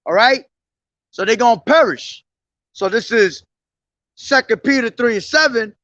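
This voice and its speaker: A man preaching on the street in a high, bright, sharp voice. His pitch swings widely as he moves between slow, declaimed scripture and fast, profane rants. The sound is dry and slightly dull. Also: lively intonation, dry recording, recorded from a distance. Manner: profane, agitated ranting between loud declaimed verses. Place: outdoors on a street.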